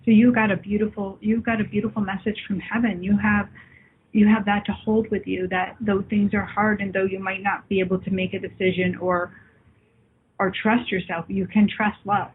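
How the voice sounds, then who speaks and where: A woman hosting a spiritual call-in show, chatting warmly with callers and viewers and calling them love. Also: mid-range voice, flat delivery, normal speed, a little hiss or hum. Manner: warm, affectionate, calls people love. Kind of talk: live call-in talk with viewers. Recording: phone-like lo-fi line.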